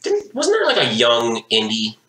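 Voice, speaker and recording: A man's voice: medium pitch, wildly swooping pitch, moderate pace, reverberant, a crowd in the background. A man co-hosting a live show in casual chat, wisecracking as he talks. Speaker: co-host.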